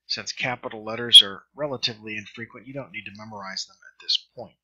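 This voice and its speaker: Bright-voiced male teacher, lo-fi. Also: medium pitch. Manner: slow, careful pronunciation drills. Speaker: Greek teacher. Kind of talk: recorded lesson voice-over. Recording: dull lo-fi screen recording.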